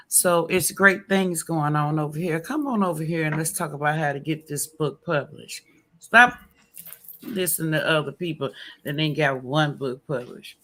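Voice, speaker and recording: A man's voice: fairly high pitch, fairly bright tone. A man talking casually on a publishing show, folksy and repetitive, like a preacher urging listeners on. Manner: repetitive, preacherly, folksy, with playful Southern put-ons. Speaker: author guest on publishing show. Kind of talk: casual promotional chat.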